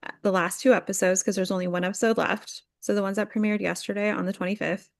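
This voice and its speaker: A young woman co-hosting a podcast gossips through reality TV recaps in a chatty, animated way, saying "like" a lot and slipping into quick impressions of the people she quotes. Her gravelly voice sits at a middle pitch, recorded dry and close with no room sound or echo.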